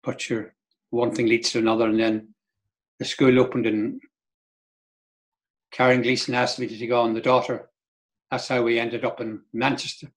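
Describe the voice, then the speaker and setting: A man's voice: medium pitch, level tone, normal speed, long pauses. An older man from Donegal, a guest in a casual interview who tells long, rambling stories and acts out what others said. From Donegal, Ireland. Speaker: guest, Irish dance teacher.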